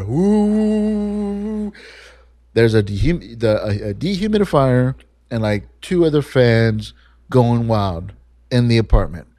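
A young man hosting a podcast, telling a story in a casual, profane, animated way and acting out the people he quotes. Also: fairly low pitch, no echo, studio quality. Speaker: podcast host.

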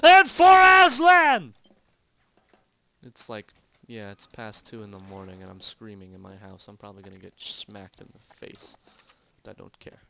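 A young man doing let's play commentary from home, excitable, yelping and swearing as he plays. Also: deep voice, moderate pace, gravelly. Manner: excitable, loud yelps and swearing. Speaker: gamer and video host. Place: home at night.

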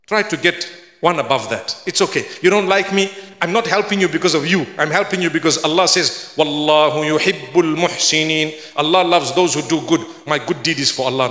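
A man preaching a sermon in an earnest, pleading manner that builds to fervent near-shouts. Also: sits high. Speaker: Islamic preacher. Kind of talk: lecture-style sermon. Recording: echoey hall with long reverb.

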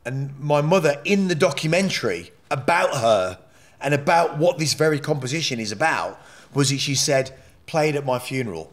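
A man's voice: medium pitch, expressive, moderate pace. A man speaking as a podcast guest, telling a personal story in a candid, blunt and emotional way, with frequent swearing and rambling asides.

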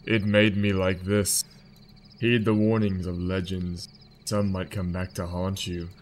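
A man's voice: deep voice, little pitch movement, measured pace, a little hiss or hum, pitched below the performer's own voice. A man voicing a somber old man haunting a lake, telling his grim story. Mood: gloomy.

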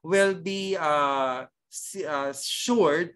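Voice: mid-range voice, fairly bright tone, clear, resonant tone. Filipino-accented teacher with tag questions. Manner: switches between English and Tagalog, tags sentences with "okay" and "no?"; halting, with many restarts and fillers. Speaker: cookery teacher. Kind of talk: online class lecture.

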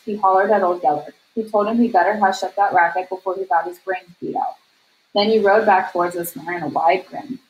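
A woman reading a novel aloud at a steady, measured storytelling pace. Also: lowish voice, rough recording. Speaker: reader.

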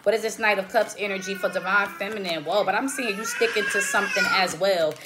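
A woman's voice: medium pitch, brisk, heavy background noise. A woman giving a casual tarot reading in a slangy, profane, emphatic way, often checking in with "okay?". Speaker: tarot reader.

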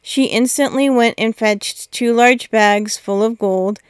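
Female storybook narrator, measured and steady, slightly high voice, smooth and clear. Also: no echo, clean studio sound.

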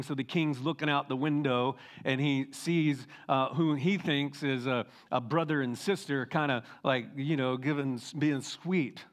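A middle-aged man, a teaching pastor, retelling a Bible story in a casual, animated sermon full of asides. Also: medium pitch.

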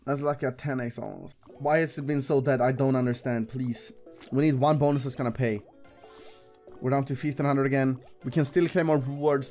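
A young man giving casual, excitable commentary while gambling, swearing and talking to the game. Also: medium pitch. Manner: excitable, swearing, talks to the screen. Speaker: gambling streamer. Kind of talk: casual live slot commentary.

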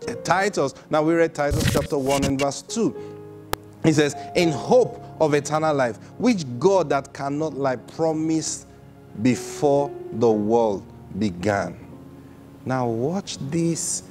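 A man preaching a sermon with lively energy. He laughs often, repeats "Praise God" and acts out voices in his stories. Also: mid-range voice.

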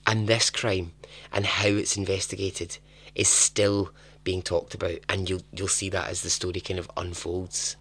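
A man's voice: low-pitched, level tone, moderate pace, fairly bright tone, breathy edge. A man hosting a storytelling podcast, narrating in a chatty, dramatic way with joking asides. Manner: chatty, dramatic, laughs at his own asides. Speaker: podcast host.

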